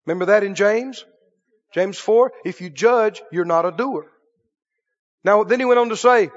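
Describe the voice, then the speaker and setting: A pastor preaches emphatically in a church sanctuary, often pausing to ask his congregation whether they're with him in a call-and-response style. His voice sits high for a man, and the dull, muffled recording carries a long church reverb.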